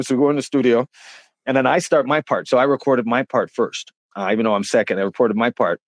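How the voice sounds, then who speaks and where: A man's voice: mid-range voice, fairly even intonation, quick pace, no room sound. A middle-aged man telling stories in a casual interview, rambling with many fillers and restarts. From Canada. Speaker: interview guest, rapper.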